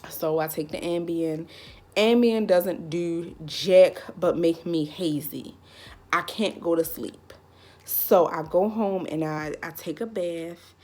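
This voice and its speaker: Young woman, vlogger, casual storytime, candid, lots of fillers, lowish voice. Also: slow pace, a little mellow.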